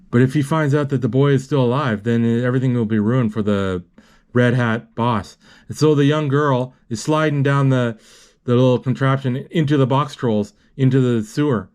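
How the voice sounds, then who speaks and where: Guy narrating a movie as it plays, lots of stops and restarts, gets excited. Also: medium pitch. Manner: halting, self-correcting, excited exclamations.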